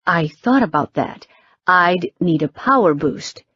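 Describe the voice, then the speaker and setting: A woman reads a first-person novel aloud with wry, brisk storytelling. Her pace is slow and measured. The recording is dry and slightly dull. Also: lowish voice, animated, breathy edge, no room sound. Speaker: audiobook narrator. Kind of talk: first-person fiction narration.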